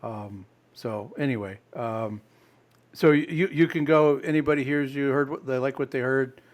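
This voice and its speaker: A man from the Midwest hosts a business podcast in a medium-pitched voice. He asks friendly, rambling questions and fills his pauses with "um" and "uh.". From American Midwest. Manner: friendly, chatty questions with fillers. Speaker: podcast host. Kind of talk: casual interview chat.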